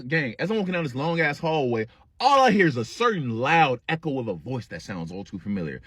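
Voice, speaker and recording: A man's voice: a little high, sing-song, a little fast, a bit bright, breathy edge. A young man casually telling a funny story in slangy, profane speech. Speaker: comedic storyteller.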